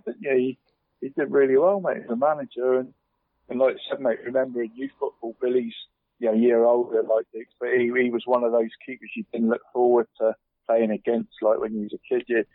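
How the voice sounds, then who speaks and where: A man's voice: medium pitch, dry recording. A man, chatting casually as a podcast co-host, rambling and dropping "mate" into nearly every phrase. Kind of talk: casual chat. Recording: tinny dry phone line.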